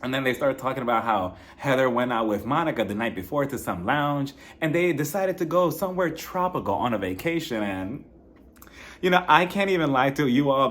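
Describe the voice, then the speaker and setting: A man chatting through a reality-show recap in a casual, gossipy way, full of sass and asides. He laughs often and keeps the tone loose and conversational. His voice sits at an ordinary middle pitch. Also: fairly bright tone.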